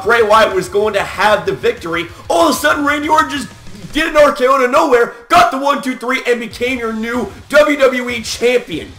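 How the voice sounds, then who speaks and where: A young man with a high, bright voice reacts to wrestling results in a fast, profane, fired-up rant. He leans on "like" and "man" as he talks. The room adds a noticeable echo, and faint music plays underneath. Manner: animated, profane, hyped, repeats "like" and "man". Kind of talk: casual excited reaction rant.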